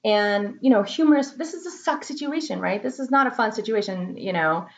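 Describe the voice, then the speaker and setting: Talking casually from her home office, a woman marketing consultant vlogs in a brisk, animated mid-range voice. She's chatty, laughs often, and repeats words for emphasis.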